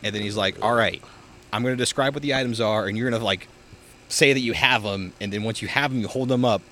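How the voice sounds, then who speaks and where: Young guy, casual backyard podcast host, lowish voice, rambly storyteller, faint traffic behind. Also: fast, pushed and bright. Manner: rambling storyteller, heavy filler words and swearing. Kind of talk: casual chat. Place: outdoors in a backyard.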